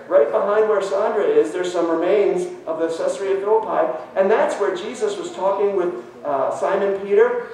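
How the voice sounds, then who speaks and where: A man, a pastor, giving a children's message in church, talking in a lively way and asking the children questions. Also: sits high, a little hiss or hum. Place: church sanctuary. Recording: very echoey church from far off.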